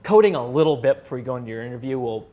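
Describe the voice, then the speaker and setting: A man's voice: mid-range voice, lively intonation, very fast, mellow. A young man presenting an informal seminar talk in a chatty way, with many fillers and laughing at his own jokes. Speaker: student presenter.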